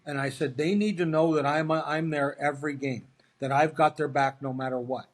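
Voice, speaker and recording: On an interview show, a middle-aged ex-hockey player shares stories in a laid-back, animated way, acting out what people said. His voice is on the high side, delivered at normal speed.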